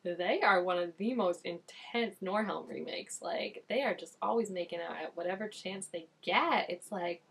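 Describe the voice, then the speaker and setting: A young woman giving casual, chatty reaction commentary, expressive and quick with asides. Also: fairly low pitch, vocal fry, slight background noise. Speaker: reaction vlogger.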